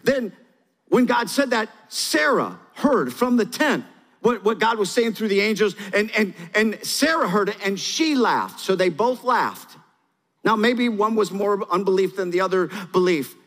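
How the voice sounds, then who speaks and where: A man's voice: high voice, expressive, measured pace, a bit bright. A middle-aged man preaching, telling stories, asking the crowd questions and repeating key phrases. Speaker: pastor. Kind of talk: sermon. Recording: long hall reverb.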